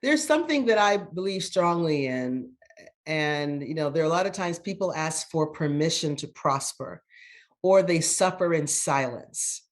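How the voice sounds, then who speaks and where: A woman's voice: deep voice, expressive, measured pace. A grandmother guest in an interview, telling a story in an earnest, motivational way with repeated words for emphasis. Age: older.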